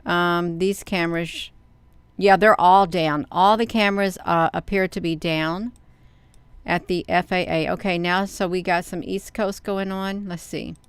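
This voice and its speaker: A woman hosting a casual live stream. She talks expressively and excitably, speaking straight to her viewers as she comments. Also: on the low side, measured pace, clean tone, dry recording. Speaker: channel host reading live chat.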